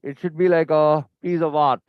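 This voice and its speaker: A man's voice: on the high side, steady tone, no echo. A man teaching a surgery live, checking in with questions and repeating his pointers. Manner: instructive, repeats "see here" and quizzes listeners; brisk and impatient with staff. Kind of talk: live surgical teaching commentary. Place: operating theatre. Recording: dry, dull lo-fi recording.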